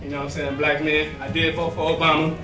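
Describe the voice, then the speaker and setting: High-voiced man doing crude stand-up. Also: little pitch movement, fast, echoey room, far from the mic. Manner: crude, rambling, laughs at own jokes. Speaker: stand-up comedian. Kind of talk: stand-up comedy set. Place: small comedy club with almost no crowd.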